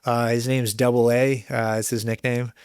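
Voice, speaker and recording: Brief: middle-aged male guest, animated storyteller, curses freely, dry close studio sound. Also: mid-range voice, normal speed, smooth, no echo. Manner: animated, swears freely, acts out quoted voices. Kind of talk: candid conversational storytelling.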